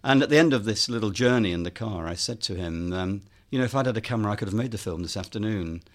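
A man with a fairly low voice tells a long anecdote as a podcast guest. He talks in a relaxed way, with frequent ums, and voices the people he quotes. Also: quick pace. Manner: relaxed, lots of ums, acts out quoted dialogue. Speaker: guest filmmaker and author. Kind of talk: anecdotal storytelling interview.

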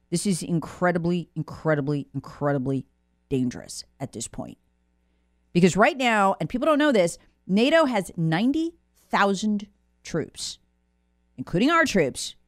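A woman's voice: low-pitched, no echo. Woman guest ranting about politics, voice swings all over, super dry close sound, keeps repeating herself. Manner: alarmed, insistent, repeats words for emphasis. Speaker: guest commentator. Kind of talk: emphatic political commentary.

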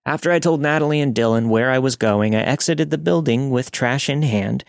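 A man's voice: medium pitch, gravelly, no room sound. Male narrator reading a horror story, dry close sound. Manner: steady, measured reading. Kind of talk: scripted first-person narration of a listener story.

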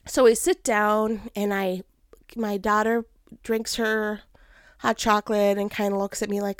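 A mother telling a casual personal story with a life lesson, animated and laughing often as she acts out what people said. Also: mid-range voice, measured pace, clear, resonant tone, no room sound, clean studio sound.

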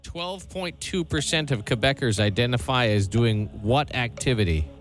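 A man's voice: mid-range voice, lively intonation, normal speed, soft background music. A man co-hosting a radio show who teases the others and reads quiz questions. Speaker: radio co-host. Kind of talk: casual radio banter, reading quiz questions.

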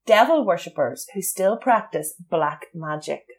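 A woman's voice: fairly low pitch, expressive, a little slow. A woman co-hosting a podcast, telling a true crime story in a casual chat and laughing often. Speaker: podcast co-host.

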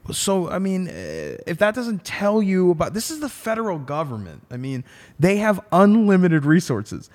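A man's voice: sits high, huge pitch swings, normal speed, darkish tone. A man who is a defense attorney, telling a story in a casual podcast chat with emphatic, profane language.

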